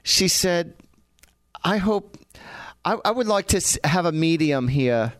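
A man's voice: fairly high pitch, animated, a little slow, dry recording. A man hosting a psychic talk radio show, telling rambling stories in a put-on English accent, full of fillers and restarts. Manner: rambling, chatty storytelling with filler words and restarts. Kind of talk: casual talk radio chat.

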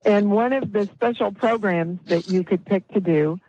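A middle-aged or older woman, a guest healer, telling a story in an interview with animated delivery and acted-out quotes. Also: mid-range voice, normal speed, muffled recording.

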